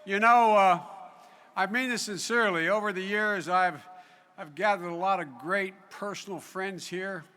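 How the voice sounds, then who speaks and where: Older man, political speaker at a big hall, high voice, very bright, loud folksy delivery. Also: moderate pace, slight background noise. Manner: loud, folksy, raises voice over applause. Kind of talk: convention speech. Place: large convention hall.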